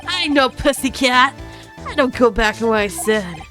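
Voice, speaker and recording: A woman's voice: fairly high pitch, lively intonation, normal speed, sharp tone. Woman voicing a male mobster, put-on Brooklyn accent, tough-guy slang, bullying, faint music behind. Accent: put-on Brooklyn, drifting southern. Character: gruff male mobster lobster, bullying and defiant. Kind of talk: voicing game text in a playthrough.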